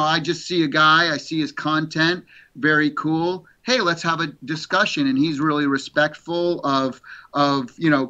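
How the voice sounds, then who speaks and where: A middle-aged man, an interview guest, chatting casually as an animated storyteller who repeats words. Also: on the high side, muffled recording.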